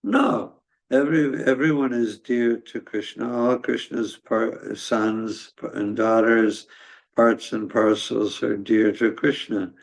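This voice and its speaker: A man giving a scripture class in a halting, conversational way, with many fillers and restarts. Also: mid-range voice, steady tone, creaky. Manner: conversational storytelling. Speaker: class speaker.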